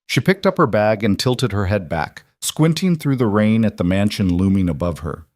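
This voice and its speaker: A man narrating a story in a measured, scripted audiobook style. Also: on the low side, animated, darkish tone, no echo, studio quality.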